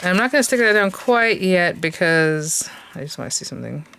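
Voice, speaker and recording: A woman's voice: on the low side, expressive, fairly quick, gravelly, background noise. A woman hosting a casual crafting tutorial, chatting and thinking aloud with plenty of hesitant fillers.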